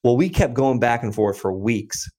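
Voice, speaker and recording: A man in his thirties, a podcast guest, telling a story in a casual, animated way with many fillers. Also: medium pitch, moderate pace. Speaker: podcast guest, land investor.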